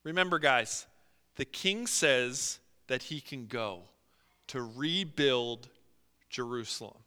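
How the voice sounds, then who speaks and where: A man preaching a sermon as pastor, animated, acting out quotes and often using fillers. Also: medium pitch, takes it slowly, clean tone. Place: church sanctuary. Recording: long hall reverb.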